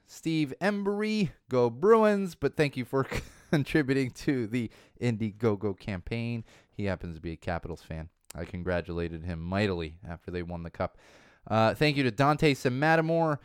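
Podcast host, thirties, male, rambling casual delivery, smooth voice, dry close sound. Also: mid-range voice, no echo. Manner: rambling, lots of fillers and restarts. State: slightly losing his voice.

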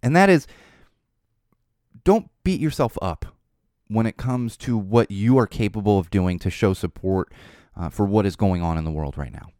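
A man hosting his podcast, talking in a casual, animated monologue, laughing often and swearing now and then. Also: fairly low pitch, normal speed, dry recording, clean studio sound. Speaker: podcast host.

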